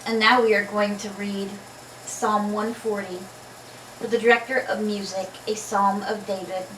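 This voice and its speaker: In a casual vlog, a woman reads Bible passages with a slight lisp and fills the breaks with chat and jokes. Her medium-pitched voice is a bit bright, with little pitch movement and a measured pace. The room echoes, the mic is far off, and there's a little hiss or hum.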